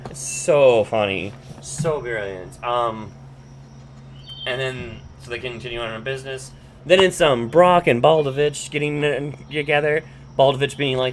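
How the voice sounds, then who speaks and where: A podcast host with a medium-pitched male voice recaps a cartoon episode at a moderate pace, with a little hiss or hum in the background. He rambles loosely, swears often, restarts his sentences and fills gaps with "um" and "like."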